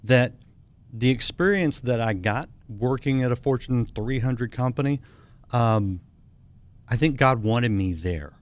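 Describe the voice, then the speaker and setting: A man's voice: mid-range voice, animated, unhurried. Male talk show host, brief affirmations. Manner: short, warm affirmations and laughs. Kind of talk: interview listening and replies.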